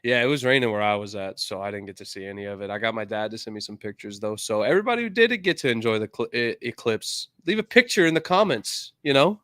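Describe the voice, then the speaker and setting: A man with an American accent hosting a casual sports podcast, loud and joking, swearing freely. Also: lowish voice, expressive, fast, hardly any pauses, no echo, clean studio sound. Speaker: podcast host.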